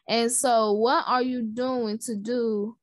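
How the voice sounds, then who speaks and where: A woman's voice: fairly high pitch, flat delivery, takes it slowly, no echo. Woman voicing a stern school principal. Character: stern male school principal, firm and patient.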